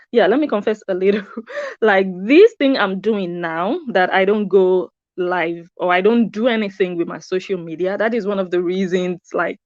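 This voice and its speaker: A woman's voice: medium pitch, dry recording, muffled recording. A woman hosting a live stream from a room upstairs at home, chatting casually and greeting her viewers by name. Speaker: YouTube host.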